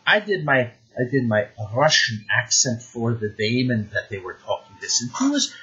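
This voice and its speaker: Very husky, animated male game master. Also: mid-range voice, moderate pace, few pauses. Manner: animated, conversational, many restarts. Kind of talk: advice talk to the camera. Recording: dull lo-fi recording.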